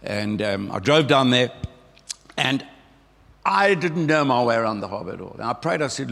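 A man's voice: mid-range voice, very animated, moderate pace, gravelly, pauses often, fairly bright tone. An older South African man telling a folksy testimony in church, with a frog in his throat. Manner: folksy storytelling, acting out remembered voices. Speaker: church member giving testimony. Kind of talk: conversational testimony sermon. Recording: long hall reverb.

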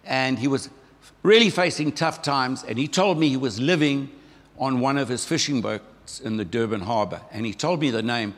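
A man's voice: mid-range voice, moderate pace. Older South African man, throaty storyteller with a frog in his throat, giving church testimony. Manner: folksy storytelling, acting out remembered voices. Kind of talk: conversational testimony sermon. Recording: long hall reverb.

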